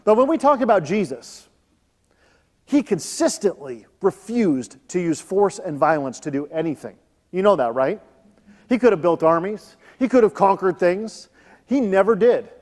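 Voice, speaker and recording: A man in his thirties preaches in a church, his voice sitting fairly high. He moves between reading scripture and relaxed, joking talk with the congregation. Long reverb from the hall trails after his words. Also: normal speed. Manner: conversational, joking asides. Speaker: pastor. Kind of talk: sermon.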